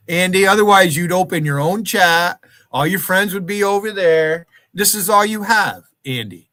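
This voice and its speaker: Confrontational male streamer, swears constantly, slightly high voice, dry sound. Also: fairly bright tone, no room sound. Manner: profane, confrontational, calls out viewers by name. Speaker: livestream host. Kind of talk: angry livestream rant.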